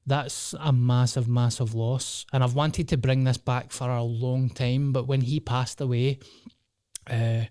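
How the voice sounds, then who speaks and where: A Scottish comedian in his thirties rambles through sweary stories on his solo podcast, a casual monologue. His voice is medium-pitched with a dark tone, and the recording is dry and studio quality.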